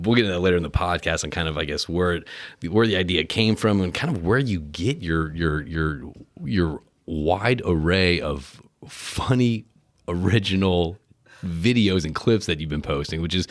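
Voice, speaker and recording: A man's voice: low-pitched, dry recording. A middle-aged man hosting a casual podcast interview, rambling and often repeating words as he searches for what to say. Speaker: podcast host.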